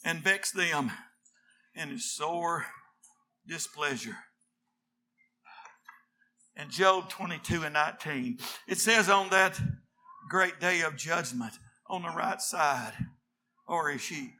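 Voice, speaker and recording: Male preacher, fiery sermon, high bright tone, slow deliberate delivery with shouted peaks. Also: a little hiss or hum. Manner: swings from low murmured scripture reading to shouted exhortation.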